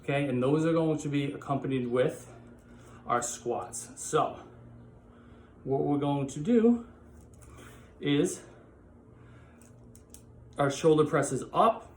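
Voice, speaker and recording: A man's voice: fairly high pitch, slow, long pauses, a little mellow. A man leads a home workout class, cheering people on through each exercise while he does it with them. His breath runs short as he talks. The sound has a roomy echo and a faint hiss behind it. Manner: upbeat coaching while exercising. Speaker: PE teacher.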